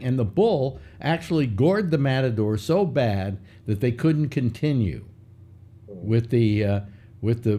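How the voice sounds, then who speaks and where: With a warm, mid-range voice, the older host of a casual chat show rambles through a tale, restarting often, using fillers and putting on mock voices for the anecdotes.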